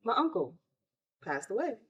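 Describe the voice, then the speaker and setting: A woman, hosting a podcast and telling a personal story of grief in an emotional, animated way. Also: fairly high pitch, moderate pace, husky, lo-fi sound. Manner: emotional, animated retelling with quoted outbursts. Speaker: podcast host.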